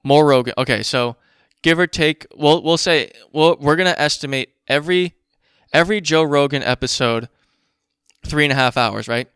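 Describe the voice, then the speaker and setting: A man hosting a podcast, ranting in a casual, profane and worked-up way while doing math out loud. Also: fairly high pitch, moderate pace, clear, resonant tone, no echo, clean studio sound. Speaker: podcast host.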